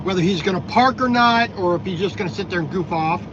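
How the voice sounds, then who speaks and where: A man's voice: high-pitched, quick pace. A man from Minnesota vlogging from his truck cab, making wry, grumbling remarks about other drivers and his loads. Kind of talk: casual vlog commentary while driving. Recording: dull lo-fi sound with loud road noise.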